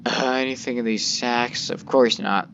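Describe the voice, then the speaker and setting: A man's voice: mid-range voice, fairly even intonation, moderate pace, a bit bright, slight background noise. Rambling man on a dull lo-fi mic. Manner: rambling, filler-heavy, mild cursing. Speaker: gameplay commentator. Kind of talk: casual let's-play commentary. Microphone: desk microphone.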